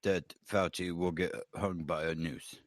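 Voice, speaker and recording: A man putting on a low drawling highbrow speaker. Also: fairly even intonation, no room sound. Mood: grave. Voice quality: slow, drawling, struggles with R's. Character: stuffy man with a speech impediment, lofty. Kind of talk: comedic impression bit.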